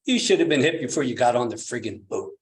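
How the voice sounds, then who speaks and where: A man voicing a stern, gruff old Zen master in a retold story. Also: medium pitch, animated, fast talker.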